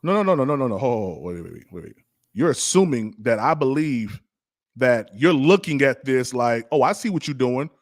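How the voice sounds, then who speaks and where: A man's voice: mid-range voice, big pitch swings, moderate pace, no room sound, studio quality. A man, a pastor defending himself in a casual debate, stammering and laughing things off. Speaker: pastor and podcast guest.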